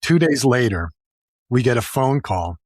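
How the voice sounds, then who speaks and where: Husky-voiced man telling a story. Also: mid-range voice, measured pace, no echo, clean studio sound. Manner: animated anecdote-telling with frequent restarts. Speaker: podcast host. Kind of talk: casual storytelling.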